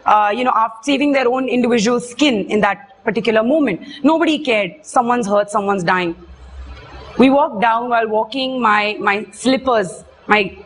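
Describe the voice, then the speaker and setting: A young woman, earnestly retelling a personal experience in halting, emotional speech. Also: a little high, breathy edge. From India. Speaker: witness giving testimony. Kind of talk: personal testimony.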